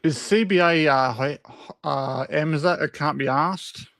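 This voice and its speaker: A man's voice: on the high side, a little slow, vocal fry, fairly bright tone. A man chatting casually in a laid-back, slangy way, picked up from a distance. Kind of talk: casual chat.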